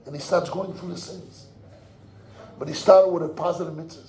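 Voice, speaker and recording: An older man, a rabbi telling a story in a sermon. He acts out the voices, swinging from hushed murmurs to loud cries. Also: fairly high pitch, steady tone, moderate pace, pauses often. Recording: echoey room.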